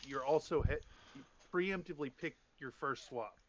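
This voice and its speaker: A man's voice: on the high side, moderate pace, background noise. A man running a streamed tabletop game as game master, casual, with many hesitant fillers and easy laughs.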